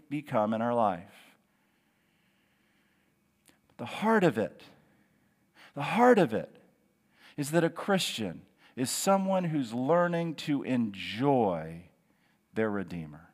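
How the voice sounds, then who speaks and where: A man preaching a sermon as pastor, earnest and encouraging, stressing key words with slow drawn-out phrases. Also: fairly high pitch. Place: church sanctuary. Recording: long hall reverb.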